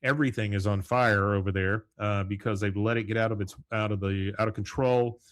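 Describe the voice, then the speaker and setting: A man's voice: on the low side, fairly even intonation, brisk, dry recording. A man hosting a podcast solo, recapping a cartoon episode in a rambling, casual way, full of fillers. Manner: rambling, with frequent fillers and chuckles. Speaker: podcast host.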